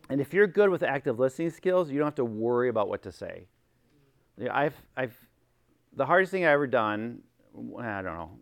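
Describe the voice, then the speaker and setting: A middle-aged man, formerly a chaplain, gives an informal teaching talk to a group as a workshop speaker. His medium-pitched voice is clear and resonant with no echo. He acts out little quotes and keeps checking in with "right?".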